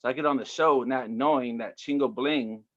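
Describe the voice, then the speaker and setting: A man's voice: medium pitch, normal speed, fairly bright tone, lo-fi sound. A man, a stand-up comedian, telling his story in a loose, rambling interview chat full of fillers. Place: Houston area.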